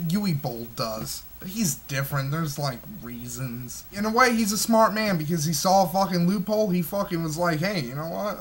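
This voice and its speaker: A man's voice: fairly high pitch, fairly bright tone. A man in his twenties reviewing a movie in an agitated, heavily profane rant, full of stumbling restarts. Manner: smoking while talking.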